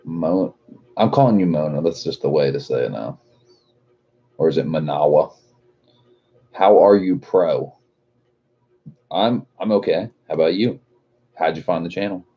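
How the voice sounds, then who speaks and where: A man's voice: a bass voice, a little slow, long pauses, slightly rough, muffled recording. A man hosting a casual livestream, reading viewer comments aloud and joking with a lot of profanity and frequent laughter. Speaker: livestream host.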